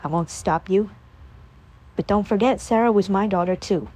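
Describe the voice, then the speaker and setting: A woman voicing a tender, heartbroken young man who speaks in a soft, subdued and emotional way. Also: mid-range voice, moderate pace, voice pushed down, lightly acted.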